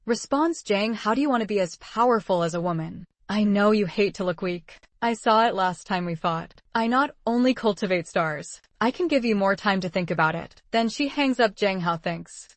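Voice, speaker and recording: A woman reading a story recap aloud in an even storytelling voice, voicing the dialogue herself. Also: mid-range voice, no room sound. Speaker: recap narrator. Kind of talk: scripted narration.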